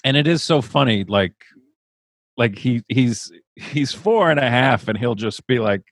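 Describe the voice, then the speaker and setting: A man's voice: mid-range voice, animated, a little slow, dry recording, clean studio sound. A man in his forties, a guest in a casual conversation, talking reflectively and openly with casual swearing. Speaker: podcast guest.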